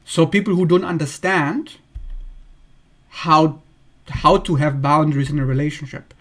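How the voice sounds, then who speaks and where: A man's voice: fairly high pitch, fairly even intonation, measured pace. A man hosting an astrology channel, talking bluntly in a casual monologue and acting out the people he describes in a raised voice.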